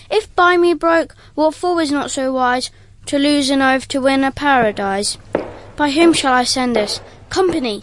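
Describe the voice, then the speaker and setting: A woman's voice: high-pitched, a bit bright, no echo. A woman playing a lovesick young nobleman declaiming a love sonnet. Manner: ardent, declaiming. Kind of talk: stage acting in verse.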